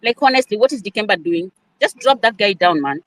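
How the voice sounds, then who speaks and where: A woman arguing forcefully and emotionally in an online discussion, repeating her questions. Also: medium pitch, expressive, brisk, dry recording. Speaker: participant in an online audio discussion. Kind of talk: impassioned debate.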